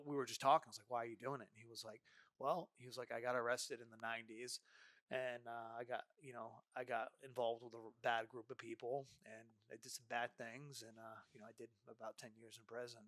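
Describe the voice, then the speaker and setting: A man's voice: medium pitch, fairly quick, no room sound. A man as a podcast guest, telling a story casually, acting out voices and asking "right?" often. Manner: animated, acts out dialogue, frequent "right?".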